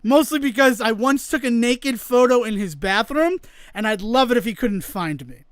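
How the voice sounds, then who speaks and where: A man co-hosting a podcast, telling a long story in a casual, animated way and acting out the lines of the people in it. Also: very high voice, moderate pace, clean tone, no room sound. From New England, United States. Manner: animated storyteller, acts out quoted dialogue. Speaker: podcast co-host.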